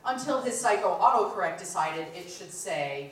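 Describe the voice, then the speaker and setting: A woman's voice: lowish voice, expressive, normal speed, fairly bright tone. A woman in her thirties performing live stand-up comedy, telling chatty stories and acting out what people said. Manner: chatty storytelling, acting out quotes. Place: lounge stage. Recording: very echoey room, distant mic.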